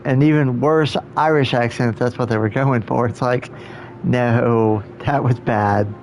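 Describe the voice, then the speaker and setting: A man's voice: mid-range voice, fairly even intonation, unhurried, a little hiss or hum. A man streaming a game, making wry, joking asides in casual commentary.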